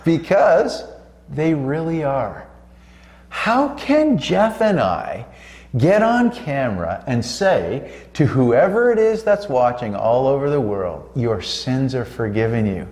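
A man's voice: mid-range voice, sing-song, darkish tone. A man preaching on a Christian talk show, fervent and emphatic, stretching out his key words. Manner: fervent, drawn-out emphatic delivery. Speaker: co-host preacher. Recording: roomy echo.

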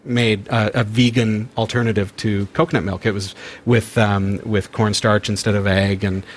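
A man's voice: fairly low pitch, flat delivery, moderate pace, slight background noise. A man hosting a casual chat, talking in an upbeat, chatty way and often restarting his sentences as he demonstrates gadgets. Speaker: host demonstrating smart speakers.

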